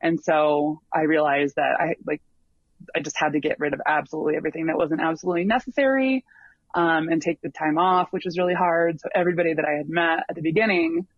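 A man with a fairly high voice talks through his long hike at an easy pace, often stalling on ums and starting his sentences over. The sound is dull and lo-fi, close and dry, with no room around it. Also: steady tone, fast talker, dry recording. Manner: rambling, full of ums and restarts. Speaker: long-distance hiker guest. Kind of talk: casual interview storytelling.

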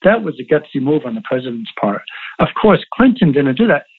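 Over the phone, an interview guest who used to be a Navy SEAL recounts stories with emphasis and plenty of repetition. The line sounds tinny, and his voice is a little high, husky, sing-song and fairly quick.

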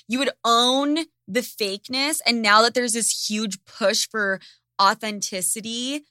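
A woman's voice: on the high side, a little slow, sharp tone, clean tone, dry recording, studio quality. A woman hosting a casual chat, ranting sarcastically and swearing freely. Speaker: podcast host.

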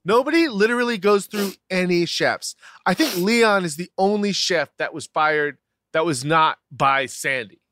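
A man's voice: sits high, expressive, unhurried, a bit bright, no room sound, clean studio sound. A man co-hosting a podcast in casual chat, teasing and joking with profane humor. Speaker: podcast co-host.

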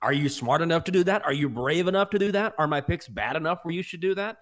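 Co-hosting a sports betting podcast, a man chats casually and tells stories, putting on mocking voices as an animated storyteller. He talks fast with a fairly high-pitched voice.

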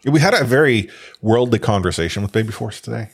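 A young man, a father, chatting casually as a podcast co-host, rambling with many halting restarts. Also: medium pitch, lively intonation, gravelly, breathy edge. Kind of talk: casual chat.

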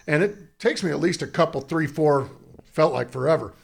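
Gravelly and fairly high-pitched, this middle-aged man, once a pro baseball first baseman, spins a story at a moderate pace during a casual guest chat. He's lively and laughs through his own telling.

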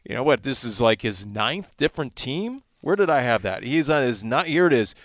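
A man talking sports on the radio as a sideline reporter, spinning his stories with lots of energy. His voice leaps upward whenever a moment excites him. The sound is close and dry, with no room around it. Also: mid-range voice, moderate pace, no room sound. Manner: animated storytelling, voice jumps up in excitement.

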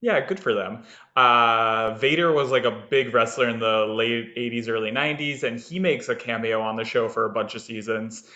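A man's voice: mid-range voice, moderate pace, few pauses, bright, forceful tone, echoey room. Podcast co-host, male, casual and rambling, slightly lo-fi recording. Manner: rambling, lots of "like", laughs often. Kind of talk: casual chat. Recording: slightly dull lo-fi sound.

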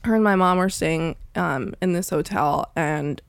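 A woman's voice: sits low, a little slow, clean tone, no echo. A young woman co-hosting a podcast, chatty and laughing, swearing as she tells a family story. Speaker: podcast co-host. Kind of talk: casual chat.

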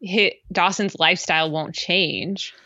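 Lower-voiced bright woman co-host. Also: steady tone, dry recording, dull audio. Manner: conversational, agreeable, quick to laugh along. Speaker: podcast co-host. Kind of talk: casual chat recapping a TV episode.

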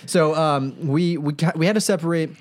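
A man's voice: on the high side, normal speed. A man with a South London accent co-hosting a casual chat, often stalling with repeated words and "um". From England. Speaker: co-host.

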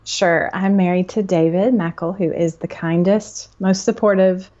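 A woman's voice: on the low side, fairly even intonation, measured pace, muffled recording. A woman in her thirties from the southern United States, a podcast guest telling family stories and laughing easily. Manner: warm-hearted storyteller, laughs easily. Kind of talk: casual podcast interview.

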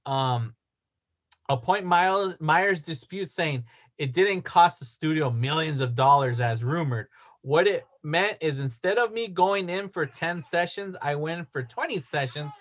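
A man's voice: fairly high pitch, unhurried, a bit bright. Rambling podcast co-host man. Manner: rambling, self-correcting, reads facts aloud. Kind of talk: casual chat.

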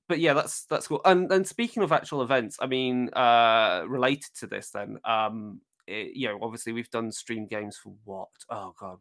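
Creaky-voiced man chatting casually. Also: medium pitch, fairly bright tone. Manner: rambling, many fillers and self-corrections. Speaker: podcast co-host. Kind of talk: casual podcast chat about tabletop games.

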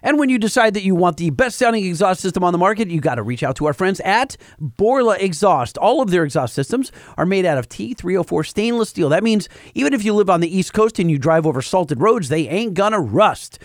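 A man co-hosts a casual podcast, teasing his partner and pushing the banter along in a playful way. His voice is a bit high and very lively in pitch. The recording is dry and close. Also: brisk, hardly any pauses, dry recording. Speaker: podcast co-host. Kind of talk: casual chat and host-read ads.

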